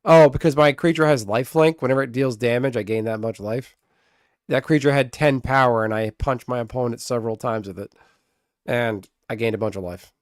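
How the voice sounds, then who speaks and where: A man streaming a card game live, chatting casually with viewers, excitable and swearing freely. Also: medium pitch, brisk, dry recording, clean studio sound.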